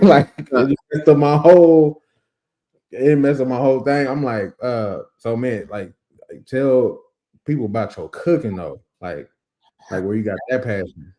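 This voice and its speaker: A man's voice: mid-range voice, lively intonation, moderate pace, dark tone. A man hosting a casual interview, asking loose, enthusiastic, rambling questions full of slang. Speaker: interview host.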